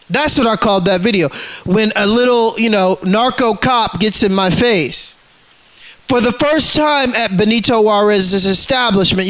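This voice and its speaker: A man's voice: high voice, fairly bright tone. A man ranting to camera in a vlog, agitated and profane, often repeating himself. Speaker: vlogger.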